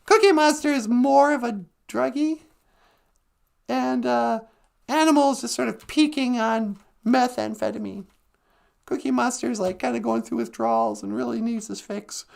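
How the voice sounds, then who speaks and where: A woman's voice: on the high side, moderate pace, vocal fry, a little mellow. A woman hosting a live stream, chatting in a casual comedic way, rambling and joking. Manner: rambling, joking, breaks into laughs and sung snippets.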